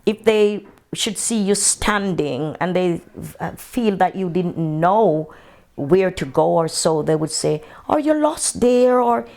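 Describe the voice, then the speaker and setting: An older woman from Jamaica with a Jamaican accent, telling her memories in an unhurried, matter-of-fact way during an oral history interview. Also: on the low side, a little mellow.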